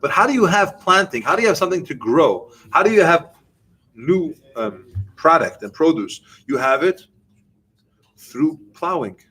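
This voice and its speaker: Man giving an animated Torah class. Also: a little high, moderate pace, husky, poor audio. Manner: animated, explaining with questions and answers. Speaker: rabbi.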